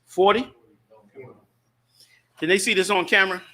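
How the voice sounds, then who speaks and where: A man hosting a show and talking in a fiery, preachy way, swinging from loud, shouted points to low asides. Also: steady tone, unhurried. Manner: preachy and impassioned, rising to shouts, then dropping low. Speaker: show host and group leader. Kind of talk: fiery casual talk.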